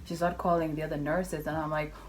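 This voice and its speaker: Chatty woman with a low voice, telling a story. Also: flat delivery, a little fast. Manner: chatty, acts out the voices of people in her story; English not fully fluent, loose grammar. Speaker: vlogger. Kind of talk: casual storytelling.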